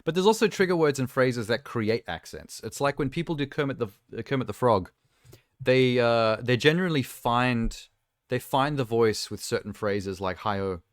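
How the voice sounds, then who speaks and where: A male streamer talking in a loose, rambling rant that drifts from one tangent to the next, often amused at himself. His voice sits at an ordinary middle pitch, and the sound is close and dry with no room echo. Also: animated, normal speed. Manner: rambling, ranting, self-amused. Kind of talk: casual live-stream chat.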